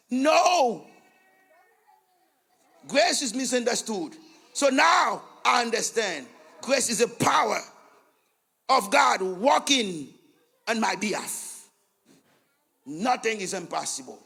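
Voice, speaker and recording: A high, raspy male voice with a Haitian accent, preaching a fervent sermon. He surges into shouts and chanted repetitions as he leads the congregation in prayer. His tone is bright and edgy, with a gravelly fry at the ends of phrases. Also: expressive, slow pace, pauses often. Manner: switches between English, French and Creole, chants repeated phrases. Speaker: pastor.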